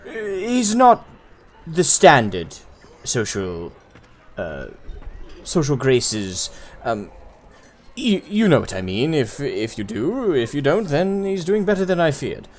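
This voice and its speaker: A man's voice: on the high side, very animated, takes it slowly, a little hiss or hum. Man playing old wizard father, flustered, breathless, stumbling speech, tabletop role-play. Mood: fumbling.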